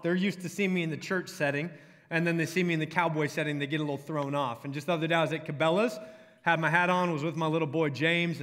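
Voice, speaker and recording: A young man with a Texan drawl delivers a sermon to a room of college students, his voice high and bright. He tells stories and jokes with the crowd. The sound rings with the long reverb of a large hall. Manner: storytelling, joking with the crowd. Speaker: college ministry pastor.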